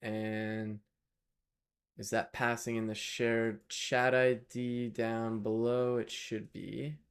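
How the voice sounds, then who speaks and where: Slow, gravelly man live-coding. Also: mid-range voice, level tone. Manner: thinks aloud while coding, chats with viewers. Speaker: live-streaming developer. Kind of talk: casual live-coding stream talk.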